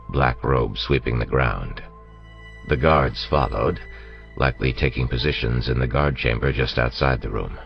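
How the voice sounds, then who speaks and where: A man narrating an audiobook in a steady storytelling manner, on a dull lo-fi recording with faint music. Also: extremely low pitch, normal speed, gravelly. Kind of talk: scripted narration.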